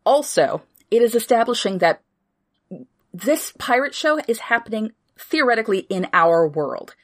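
A woman co-hosting a podcast, recapping a TV series in casual chat with swearing and quick asides. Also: fairly high pitch, big pitch swings. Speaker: podcast co-host.

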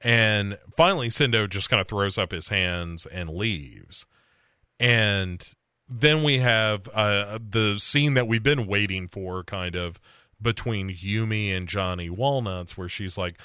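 Bright-voiced man recapping a show. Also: on the low side, expressive, slow, clear, resonant tone, no echo, studio quality. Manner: rambling retelling with quoted lines and restarts. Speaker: podcast co-host. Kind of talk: casual recap chat.

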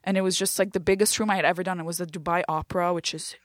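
Young female comedian from Lebanon, animated storyteller, dry close-miked read. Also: lowish voice, rapid-fire, no echo. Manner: animated storytelling, acts out quoted voices. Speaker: comedian guest. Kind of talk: casual chat.

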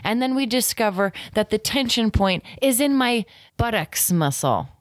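Animated comedic woman host. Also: fairly high pitch, moderate pace, dry recording, studio quality. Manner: animated, does silly voices for her body parts. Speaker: podcast host. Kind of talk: comedic monologue and banter.

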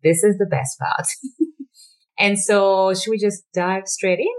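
A woman's voice: mid-range voice, steady tone, slow pace. Bubbly, laughing woman podcast co-host. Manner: bubbly, laughs often, talks in long chatty runs. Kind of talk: casual podcast chat.

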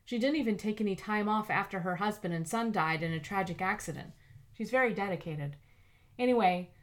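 A woman voicing a tentative, flustered young receptionist in an audiobook, a little higher than her own voice. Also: fairly bright tone, close to an everyday voice. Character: Lindsay, anxious young female receptionist. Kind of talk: audiobook character voice.

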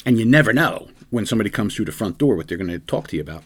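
A man's voice: on the low side, expressive, rapid-fire, breathy edge. A man who hosts a podcast and is a police detective, telling a story in an earnest, rambling way with many restarts. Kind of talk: conversational storytelling.

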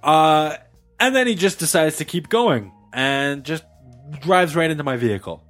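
A podcast host with a fairly high voice tells a story at normal speed in casual chat with friends, animated and swearing a lot as he acts out the voices of the people involved. Faint music plays behind him.

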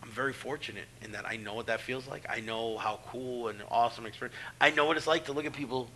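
At a quick pace, a middle-aged professional wrestler tells casual stories in a mid-range voice, with a little hiss or hum in the recording. His talk is profane and animated, and he does the voices of the people he describes.

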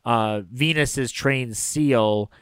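A man's voice: medium pitch, drawn-out words, a bit bright, smooth, no echo. A man co-hosting a casual film podcast, recapping scenes in a rambling way with lots of fillers. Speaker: podcast co-host.

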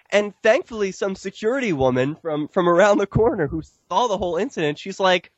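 A man, an activist filmmaker, telling stories in a casual podcast interview, getting animated and jumping up in pitch when he quotes people. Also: normal speed, hardly any pauses, dry recording, muffled recording. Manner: animated storytelling, pitch jumps when quoting others.

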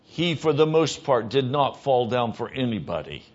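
A man preaching a sermon as pastor, emphatic, moving between hushed lines and loud ones. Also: mid-range voice, very animated, moderate pace. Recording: dull lo-fi sermon recording.

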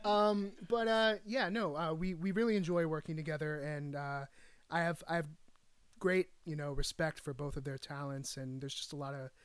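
Man, theater director, hesitant, fairly high voice, dry close mic. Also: fairly even intonation, normal speed, smooth, no room sound. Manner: hesitant, many fillers and restarts. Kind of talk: casual interview answers.

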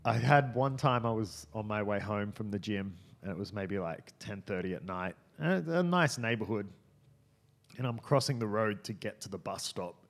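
A man's voice: fairly low pitch, normal speed. A man telling a story in casual podcast chat, rambling with many fillers and restarts.

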